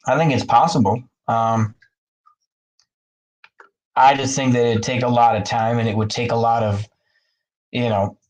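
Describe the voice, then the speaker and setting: A man chatting loosely with his viewers at a middling pitch, stringing thoughts together with plenty of fillers. He wanders from point to point and laughs often along the way. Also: poor audio. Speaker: streamer talking to chat. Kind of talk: casual rambling chat. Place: bathroom, in the bathtub.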